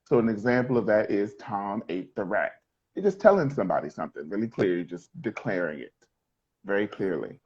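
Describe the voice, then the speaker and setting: A man's voice: fairly low pitch, big pitch swings, a little fast, a little mellow, breathy edge, dull audio. A male middle school teacher explaining sentence types, joking and quizzing his students. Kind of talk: classroom lesson.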